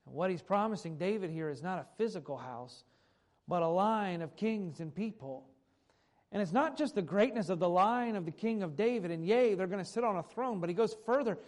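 Higher-voiced male preacher. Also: expressive, a little fast, darkish tone. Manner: reads old scripture aloud then restates it in plain everyday speech. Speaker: pastor. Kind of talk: sermon with scripture reading.

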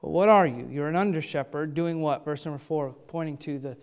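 A man's voice: a little high, brisk, clean tone. A man preaching a sermon as a pastor, reading scripture aloud and asking and answering his own questions with emphasis.

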